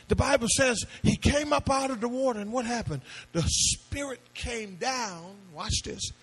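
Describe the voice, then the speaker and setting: Emphatic high-voiced preaching man. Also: creaky, fairly bright tone, slightly rough. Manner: emphatic preaching, call-and-response questions, sings out some phrases. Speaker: pastor. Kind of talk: sermon. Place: church before a congregation.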